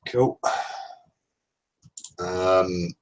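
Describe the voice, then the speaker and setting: A man's voice: deep voice, extremely slow, slight background noise, low-quality recording. A man hosting a casual livestream, blunt and sweary, greeting chat viewers by name. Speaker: livestream host.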